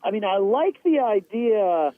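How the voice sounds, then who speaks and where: A man's voice: high voice, expressive, unhurried, no echo, phone-quality sound. A man in casual podcast chat, hesitant and restarting his sentences often.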